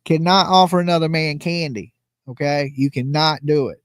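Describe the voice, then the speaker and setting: A man's voice: a little high, animated, unhurried, darkish tone, no room sound, clean studio sound. A man hosting a casual livestream, joking, rambling and laughing often. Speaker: livestream host commenting on a trial.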